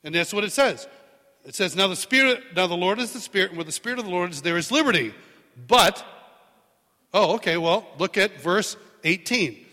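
Middle-aged male preacher with a high voice, lively storyteller, acts out dialogue, reverberant church hall. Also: normal speed. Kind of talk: sermon. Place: large church hall with live congregation.

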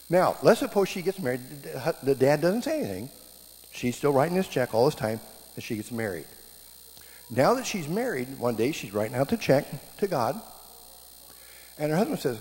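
A middle-aged man giving a sermon, telling stories with lively quoted voices. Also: on the high side, normal speed. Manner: animated storytelling, voices quoted speakers. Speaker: preacher teaching marriage classes. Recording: long hall reverb, faint background noise.

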